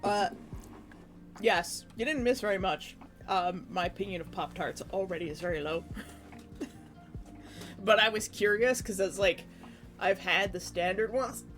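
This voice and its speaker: A woman's voice: medium pitch, measured pace, long pauses, a bit bright, faint music behind. A young woman from Canada, chatting casually with her stream chat in a rambling way, full of restarts.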